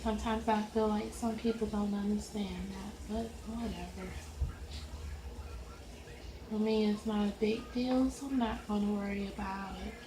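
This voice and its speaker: A woman with a Southern US accent and a high voice chatting casually while she colors, rambling in an easygoing way. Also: fairly even intonation, normal speed, reverberant, background noise. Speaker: coloring video creator. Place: at home at a coloring desk.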